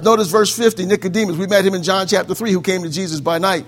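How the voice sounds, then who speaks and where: A man preaching a sermon, fervent and prone to saying amen, swinging between loud exclamations and quiet asides. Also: high voice, fairly even intonation, quick pace.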